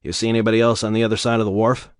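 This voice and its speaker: Dude voicing a gruff sarcastic security chief, lowish voice, dry sound. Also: male voice, flat delivery, racing, no room sound, natural voice. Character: tough, sardonic male security chief.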